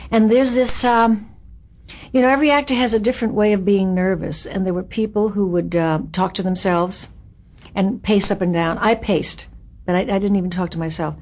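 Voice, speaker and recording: An older woman tells backstage anecdotes from her acting career in an interview. She is animated and self-mocking and laughs at her own stories. Her voice sits at an ordinary middle pitch for a woman. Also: moderate pace.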